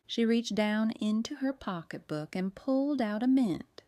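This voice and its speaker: A woman narrating an audiobook mystery in an even, steady storytelling manner. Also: on the high side, measured pace, few pauses, no room sound. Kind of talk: scripted narration.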